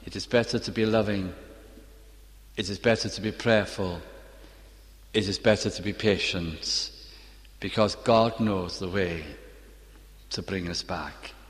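Older preacher in a reverberant church. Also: male voice, lowish voice, a bit bright. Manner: earnest, slow and tender in scripture recitation, anecdotal storytelling. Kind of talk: sermon. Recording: long reverb of a church hall.

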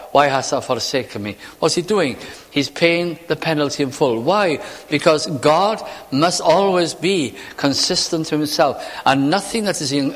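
Preacher ringing through a hall. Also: male voice, fairly high pitch. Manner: rhetorical, repeats questions, shifts from loud to hushed. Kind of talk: chapel sermon. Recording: long reverb of a large hall.

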